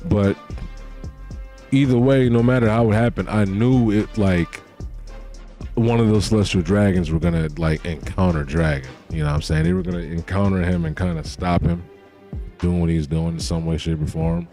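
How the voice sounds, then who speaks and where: A man streaming a casual live reaction to a manga chapter, talking in a slangy, profane and excitable way. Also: deep voice, normal speed, soft background music.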